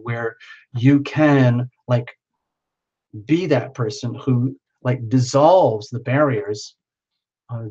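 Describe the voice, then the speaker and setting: Man, live tarot reader, rambling chat, medium pitch, muffled stream sound. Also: darkish tone. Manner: chatty, rambling, reading out viewers' names.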